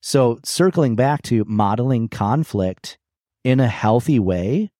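A man's voice: mid-range voice, expressive, slow pace, dark tone, no room sound, studio quality. A middle-aged man co-hosting a podcast, telling personal stories in a reflective, candid way with frequent restarts. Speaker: podcast co-host. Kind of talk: casual conversational podcast chat.

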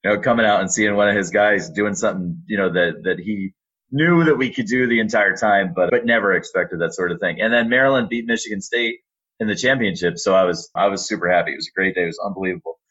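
A man who works as an arena announcer, telling animated stories in an interview. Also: lowish voice, fast, muffled recording. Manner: animated storyteller, lively, acts out quotes. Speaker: arena public address announcer. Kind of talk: storytelling in a podcast interview.

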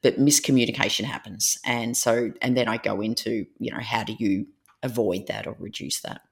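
A woman author and presentation trainer, a guest in an interview, telling stories in a lively way with frequent fillers. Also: extremely low pitch, normal speed. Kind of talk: interview conversation.

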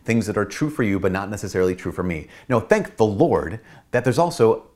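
A man with a fairly low voice teaches in a relaxed, chatty way, his pitch swinging widely as he gets animated. He repeats key points, laughs at himself, and slips into playful voices when quoting people. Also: a little fast. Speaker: priest and channel host. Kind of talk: casual teaching talk.

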